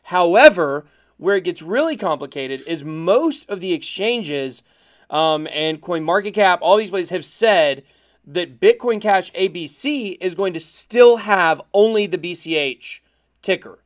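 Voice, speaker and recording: A man co-hosting a casual podcast chat, excitable and laughing, explaining things at length. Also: high-pitched, measured pace. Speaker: podcast co-host.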